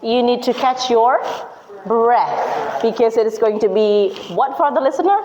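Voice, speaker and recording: A woman's voice: fairly high pitch, measured pace, lo-fi sound, noisy background. Woman lecturer quizzing her class. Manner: questioning, prompting students for answers. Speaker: university English lecturer. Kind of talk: interactive classroom teaching.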